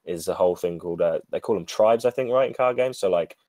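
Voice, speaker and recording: A man's voice: low-pitched, quick pace, a little mellow, no echo. A man co-hosting a podcast, rambling and correcting himself as he chats about a card game. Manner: rambling, self-correcting, laughing. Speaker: podcast co-host. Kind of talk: casual card-game discussion.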